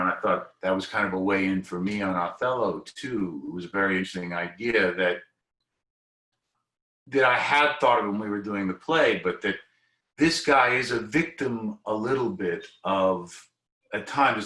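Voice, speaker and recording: Deep-voiced man musing on acting. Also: normal speed, sharp tone. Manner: thoughtful, rambling with restarts and asides. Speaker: actor guest. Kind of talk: reflective panel discussion. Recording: echoey room.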